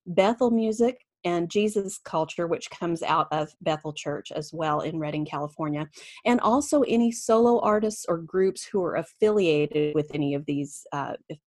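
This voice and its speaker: A woman's voice: fairly low pitch, no echo. Woman, co-host, emphatic, casual talk, dry close recording. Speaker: podcast co-host. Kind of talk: casual podcast discussion.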